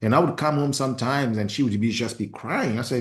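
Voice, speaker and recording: A man whose first language is not English, hosting a podcast interview in a passionate, expressive way with many restarts. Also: medium pitch, a little fast. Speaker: podcast host. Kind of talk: casual interview conversation.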